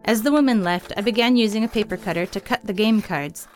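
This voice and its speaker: A woman reads a first-person mission account in a gentle, earnest manner, her voice mid-pitched. Faint music sits under her words. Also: fast. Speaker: missionary storyteller. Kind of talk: scripted narration.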